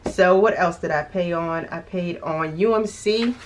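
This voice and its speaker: A chatty woman vlogs to camera in an easygoing tone, her voice sitting a little low. She thinks aloud, restarts her sentences and laughs softly now and then, with a faint hiccup. A light hiss and a few clicks run under the recording. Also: unhurried. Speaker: budgeting vlogger. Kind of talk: casual vlog talk to camera.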